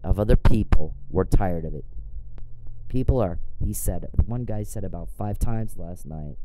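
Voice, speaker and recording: Low-voiced guy cussing and ranting, lots of background hiss. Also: a little slow, dark tone, poor audio. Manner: blunt, profane, exasperated. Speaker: commentator. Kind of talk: casual rant.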